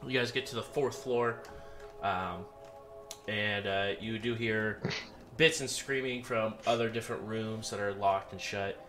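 A man narrating a tabletop role-playing game as game master, halting with many fillers. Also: on the low side, steady tone, over music.

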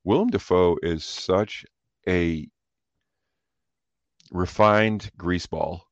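A man's voice: low voice, takes it slowly, no echo, muffled recording. A man co-hosting a casual film-discussion podcast, talking emphatically and piling up descriptive words.

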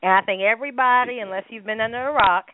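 Woman co-host in casual talk, lively and emphatic, heard through a narrow phone-like band. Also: fairly high pitch, fast talker, no echo. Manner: animated, laughing, emphatic. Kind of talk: casual chat. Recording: tinny phone-like sound, dry.

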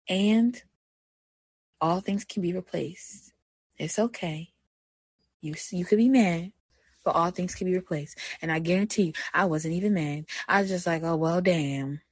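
A young woman hosting a personal podcast, talking candidly. She moves between soft reflection and animated self-talk. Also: fairly low pitch, breathy edge, no echo. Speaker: podcast host.

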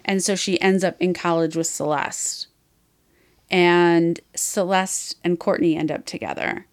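A woman's voice: fairly low pitch, fairly even intonation, unhurried. A woman podcast host in casual chat, retelling a story in a frank, rambling way with many fillers.

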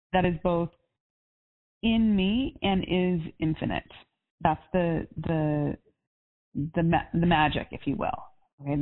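A woman life coach on a coaching call, chatty and upbeat, with lots of casual fillers. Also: low-pitched. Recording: tinny phone line.

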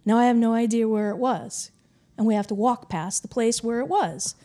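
A woman interview guest recounting a personal encounter, animated and full of "like" and "um". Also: a little high, moderate pace. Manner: animated storyteller, frequent "like" and "um".

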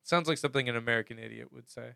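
Guy on a podcast, joking around, swears a lot, bright voice, dry sound. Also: medium pitch, very fast, vocal fry, clean tone, no room sound. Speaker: podcast co-host. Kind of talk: casual chat.

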